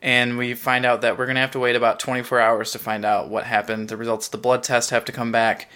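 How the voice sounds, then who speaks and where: A man's voice: mid-range voice, level tone, fast talker, bright, forceful tone, smooth. A man co-hosting a podcast, chatting casually and joking about a sitcom episode. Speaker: podcast co-host.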